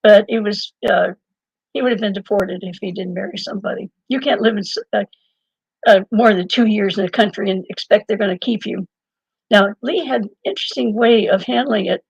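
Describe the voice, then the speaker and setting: Gravelly older woman, rambling storyteller. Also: mid-range voice, a little fast, dry recording. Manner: rambling, digressive, laughs often. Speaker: interview guest. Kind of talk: conversational storytelling. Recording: dull lo-fi dry sound.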